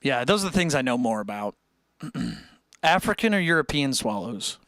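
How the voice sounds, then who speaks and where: A man's voice: mid-range voice, big pitch swings, normal speed, fairly bright tone. A young man hosting a music livestream, rambling and joking with his chat and laughing often. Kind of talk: casual chat with live chat.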